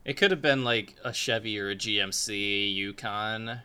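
A man co-hosting a casual podcast, talking excitedly about fights with lots of laughter and filler words. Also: fairly low pitch, normal speed, clean tone. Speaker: podcast co-host. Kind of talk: casual recap chat.

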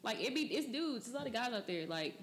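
A woman's voice: a little high, sing-song, quick pace, a little hiss or hum. A woman in her twenties hosting a podcast, loose and chatty with lots of fillers. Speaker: podcast host. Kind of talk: casual chat.

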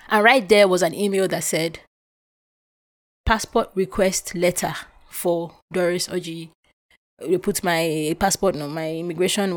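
A young adult woman from Nigeria hosting a podcast, telling a personal story with emotion and acting out what was said. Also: on the low side. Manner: animated, emotional retelling with acted-out quotes. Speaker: podcast host.

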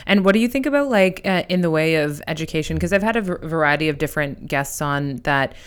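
Low smooth-voiced woman host. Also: lively intonation. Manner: curious, quick reactions and questions. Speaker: podcast host. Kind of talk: casual interview chat.

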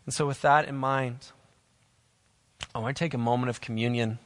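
Filmed in a church for online viewers, a pastor gives an emphatic sermon straight to camera, returning to his key phrases repeatedly. His mid-range voice keeps a fairly even intonation at normal speed, and the hall reverb lingers long.

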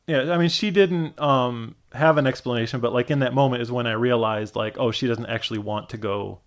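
A man's voice: medium pitch, a little fast. A man telling a long personal story in casual chat, rambling with lots of fillers and acting out quoted voices.

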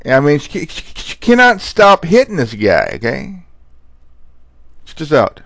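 A man's voice: on the high side, wildly swooping pitch, measured pace, vocal fry, a bit bright, slight background noise. A man hosting a casual show, retelling funny emergency calls in a rambling, profane way, stumbling over words and asking "okay?" a lot. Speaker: host. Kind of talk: casual commentary on viral clips.

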